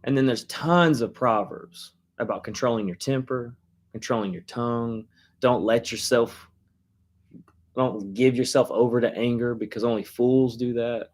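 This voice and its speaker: A man preaching in a relaxed, conversational way, speaking at an ordinary middle pitch. He tells a story with animated delivery and keeps chuckling. His talk is loose and full of filler words. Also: normal speed. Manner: casual, many "like" fillers. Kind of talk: conversational sermon.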